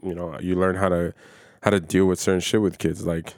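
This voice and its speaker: A man's voice: deep voice, flat delivery, a little fast, darkish tone, dry recording, clean studio sound. A man telling stories in casual podcast chat, slangy and full of swearing. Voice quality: heavy swearing, loose slangy storytelling.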